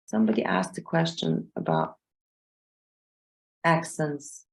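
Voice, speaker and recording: A woman's voice: extremely low pitch, very animated, slow. A woman exam trainer teaching a live online class over a video call, patient and often checking in with "okay?" and "yeah?". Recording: roomy echo.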